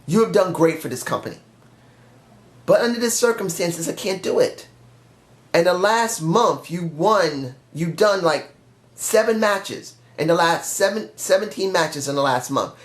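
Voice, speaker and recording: A stern male chairman who lectures and refuses firmly, as a man acts him out. The voice sits a bit high and stays close to everyday speech. The recording has a noticeable room echo. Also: lively intonation, a little slow. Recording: roomy echo.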